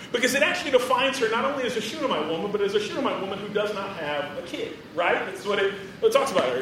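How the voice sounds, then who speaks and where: A man preaching an animated, playful sermon to students, acting out the people in his story. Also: high-pitched, slight background noise. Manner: animated, playful, acts out quotes. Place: large room with audience. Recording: roomy hall, distant from mic.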